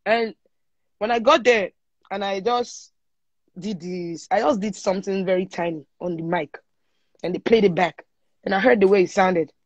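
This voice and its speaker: A woman's voice: medium pitch, normal speed, long pauses, no echo. A young adult woman with a Nigerian accent, a singer, chatting casually in an interview and telling stories with bits of pidgin. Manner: lively storyteller mixing in pidgin. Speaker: singer guest. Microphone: phone on a live stream. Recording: dull lo-fi livestream audio.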